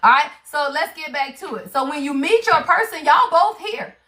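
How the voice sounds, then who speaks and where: A woman gives a spiritual card reading live, talking straight to her viewers in a chatty, emphatic way full of slang and swearing. She's a tarot reader with a high-pitched, animated, sharp voice at normal speed.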